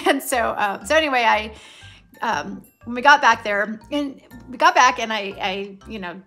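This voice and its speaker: A woman's voice: fairly high pitch, a little slow, bright, forceful tone, soft background music. Chatty middle-aged woman telling a story. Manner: chatty and rambling, with restarts and asides. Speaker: nail polish vlogger. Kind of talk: casual storytelling.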